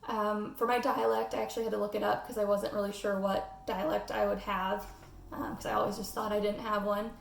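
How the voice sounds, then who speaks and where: This student's class presentation comes across as casual and halting, full of "um" fillers, in a General American accent. Her mid-range voice is flat, creaky, and a little fast, captured by a distant mic in an echoey room with slight background noise.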